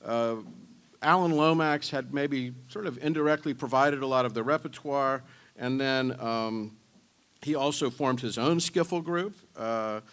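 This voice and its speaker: A man speaking at a university symposium, explaining music history in a relaxed, conversational way. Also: mid-range voice, a little slow, clear, resonant tone. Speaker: symposium lecturer.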